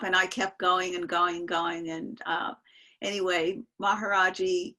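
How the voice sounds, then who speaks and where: Older woman, bright halting storyteller. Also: fairly low pitch, level tone. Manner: earnest, halting, with many fillers. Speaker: panel guest sharing memories. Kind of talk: casual storytelling on an online call. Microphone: video call.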